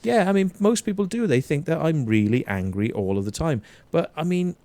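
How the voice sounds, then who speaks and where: Welsh male host, blunt, foul-mouthed, animated ranter; dry mic. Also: a little high, fairly quick, no echo. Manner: blunt, heavy swearing, animated ranting. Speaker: show host. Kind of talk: casual livestream chat.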